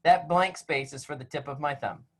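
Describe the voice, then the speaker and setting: A man's voice: on the high side, moderate pace, fairly bright tone. A male music teacher leading an online class over a video call, playful and teasing with his young students. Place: home room on a video call.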